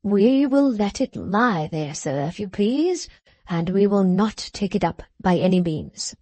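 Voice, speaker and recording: A woman reading as a smarmy middle-aged lawyer man in an audiobook, unctuous and gushing, forever bowing and scraping with theatrical politeness. His tone is mellow and soft, and the recording is close and dry with no room sound. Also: medium pitch, very animated, unhurried, no echo. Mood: ingratiating. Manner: unctuous, overly polite, dramatic protests. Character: fawning, oily middle-aged male lawyer.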